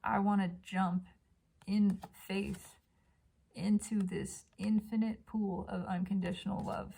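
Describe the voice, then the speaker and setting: A woman gives an intuitive tarot reading at home, gushing over the cards in a dreamy way. Her voice is gravelly and breathy, sitting at an ordinary middle pitch. She drifts between warm talk and soft, hushed whispers. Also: little pitch movement, slow pace. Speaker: tarot reader. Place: home by a balcony.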